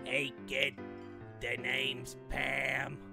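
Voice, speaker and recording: A man voicing a gruff older woman and hard drinker, drawling slowly. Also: mid-range voice, completely flat delivery, heavily acted. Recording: game music behind the voice.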